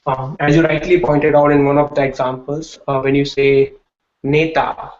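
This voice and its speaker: A man's voice: fairly high pitch, flat delivery, normal speed. A man teaching a classroom lecture, explaining patiently and often checking in with "right?". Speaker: Hindi teacher. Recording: echoey room, dull lo-fi sound.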